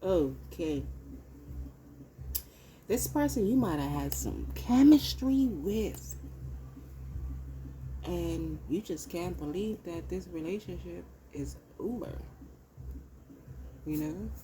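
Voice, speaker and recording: Slow, blunt woman reading tarot. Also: lowish voice, expressive, mellow, slight background noise, low-quality recording. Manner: blunt and profane, emphatic repeats. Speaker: tarot reader. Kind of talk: casual collective tarot reading. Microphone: phone.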